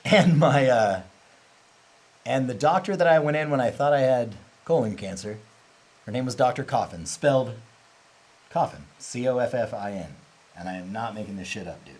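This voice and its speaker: A man's voice: mid-range voice, lively intonation, normal speed, a little mellow, poor audio. Candid, chatty man on a livestream. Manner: candid, rambling, laughs easily. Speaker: host, company representative. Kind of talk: casual livestream chat.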